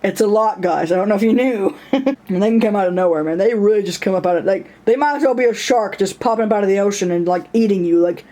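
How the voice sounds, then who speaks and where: A woman's voice: medium pitch, quick pace, warm tone. A woman talking casually in a personal vlog, rambling and self-mocking, often laughing and acting out voices in her stories. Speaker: vlogger.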